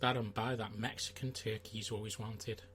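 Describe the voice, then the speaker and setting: A man's voice: lowish voice, little pitch movement, a little fast, a bit bright, slight background noise. A man co-hosting a casual wrestling podcast, laid-back and dry in his replies. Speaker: podcast co-host.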